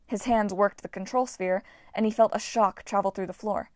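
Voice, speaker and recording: A woman reading a fantasy novel aloud as an audiobook narrator, voicing characters in a lively way. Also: normal speed, no room sound. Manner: lively, voices characters with shouts. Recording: dry, low-quality home recording.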